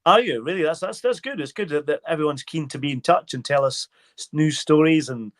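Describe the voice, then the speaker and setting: A man in his fifties joins a live panel as a guest and chats eagerly, reminiscing with a light touch. His voice sits fairly high for a man. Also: brisk. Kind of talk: casual chat.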